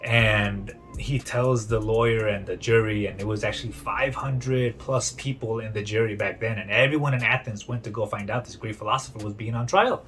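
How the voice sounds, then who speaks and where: A man's voice: lowish voice, fairly even intonation, normal speed, few pauses, fairly bright tone, soft background music. A young man casually summarizing a book he read, in a chatty retelling full of "he's like" and restarts. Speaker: book reviewer.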